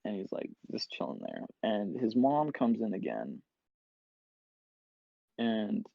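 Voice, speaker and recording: A man's voice: lowish voice, wildly swooping pitch, slow, creaky, no echo. A young man and podcast co-host telling a long casual story, full of filler words and acted-out quotes. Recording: dull lo-fi podcast mic.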